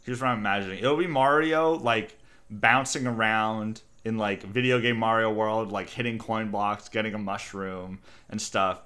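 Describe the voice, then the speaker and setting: A man co-hosting a casual group chat, talking in an animated, playful way. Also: lowish voice, normal speed. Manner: animated, playful, leads the bits.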